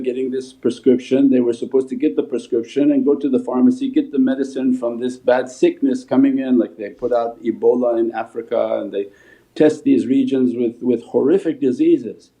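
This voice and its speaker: A man's voice: medium pitch, dark tone. A Sufi shaykh giving a spiritual talk and answering questions, telling stories as he teaches. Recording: phone-like livestream audio.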